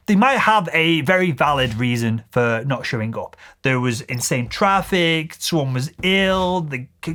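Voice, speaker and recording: Male sales coach, assertive and lively, fairly high-pitched, instructional delivery. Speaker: sales trainer. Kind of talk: instructional video.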